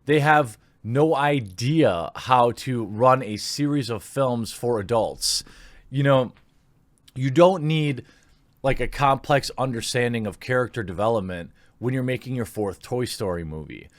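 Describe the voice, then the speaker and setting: Man, mid-pitched voice, indignant opinion commentary, dry recording. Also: measured pace, dry recording. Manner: sarcastic, indignant. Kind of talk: opinionated commentary reading posts aloud.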